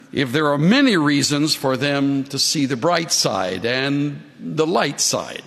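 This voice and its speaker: An older man preaches at a slow, deliberate pace and stretches words for emphasis. His voice is fairly high for a man. His storytelling carries humor, and a long reverb trails his words as though he is in a large hall. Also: a bit bright. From Southern California. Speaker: pastor. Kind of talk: sermon.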